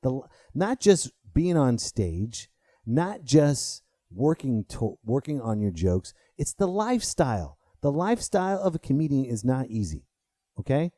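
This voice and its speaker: Animated, swearing male comedian host. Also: mid-range voice, a little slow, no echo, clean studio sound. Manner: animated, swearing, rises sharply when riled. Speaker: podcast host and stand-up comedian. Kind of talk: casual storytelling monologue.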